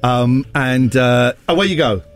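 A man's voice: mid-range voice, unhurried, soft background music. A man hosting a morning radio show, teasing his co-hosts in playful banter. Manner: teasing, lively, breaks into sung snippets.

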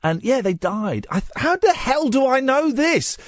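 A man's voice: very high voice, very animated, moderate pace, dry recording. A man hosting a late-night radio show in a studio, chatting in a playful, teasing, rambling way. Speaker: radio host. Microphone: studio microphone.

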